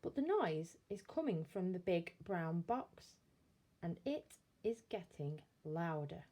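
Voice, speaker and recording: A woman reading a bedtime story aloud in a slow, expressive storytelling manner. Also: on the low side.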